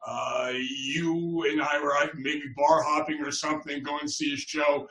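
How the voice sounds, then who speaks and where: Guy hosting a podcast, rambly, lots of uhs, kinda high voice, echoey room, sits back from the mic. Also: little pitch movement, measured pace, bright, forceful tone. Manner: rambling storyteller with many fillers. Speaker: podcast host. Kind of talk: conversational interview.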